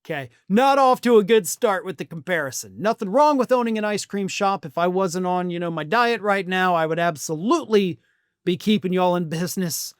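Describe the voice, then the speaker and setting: A man's voice: high voice, fairly quick, clean tone, no echo, studio quality. A middle-aged man hosting a political commentary show, talking bluntly and sarcastically, with the odd swear word. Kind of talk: opinion commentary monologue.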